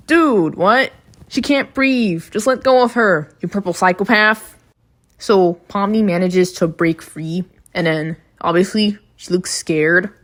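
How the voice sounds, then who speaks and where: A woman giving a casual, chatty recap of a cartoon episode, with blunt, profane reactions. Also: on the low side. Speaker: video reviewer.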